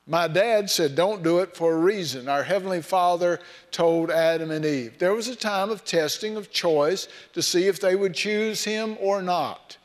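A man's voice: high voice, a little slow, hardly any pauses. Folksy preacher man in a reverberant hall. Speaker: pastor. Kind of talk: sermon.

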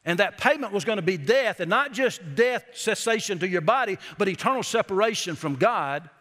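A middle-aged man preaching a sermon in a church, folksy and storytelling, leaning on slowed, emphatic phrases. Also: sits high, lively intonation, fairly bright tone. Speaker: pastor. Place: church sanctuary. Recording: church hall with long reverb.

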